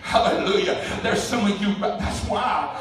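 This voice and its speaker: A man's voice: high voice, measured pace, a bit bright. A man preaching a fervent, emphatic sermon as pastor. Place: church sanctuary. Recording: echoey church hall from far off, music behind.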